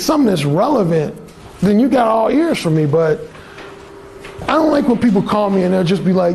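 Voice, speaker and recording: A man's voice: high voice, big pitch swings, moderate pace, gravelly, a little mellow, a little hiss or hum. A man giving a live talk to a small audience, telling stories bluntly and with profanity, and acting out other people's lines. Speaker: dating coach giving a talk. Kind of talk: live seminar storytelling to a room.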